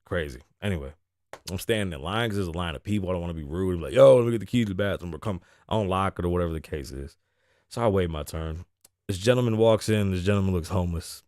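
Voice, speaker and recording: A man hosts his show with a low-pitched, darkish voice at a quick pace, telling a casual, profane story and laughing often between lines. The studio sound is clean, with no room sound.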